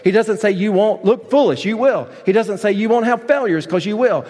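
A man preaching a sermon as pastor, emphatic, with rising shouted points and softer asides. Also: high voice, lively intonation, fairly quick, hardly any pauses. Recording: long reverb of a large hall.

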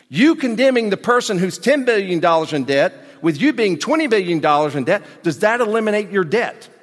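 Animated, emphatic male preacher. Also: high-pitched, moderate pace, long reverb tail. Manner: animated and emphatic, with folksy asides and questions to the congregation. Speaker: pastor. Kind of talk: sermon.

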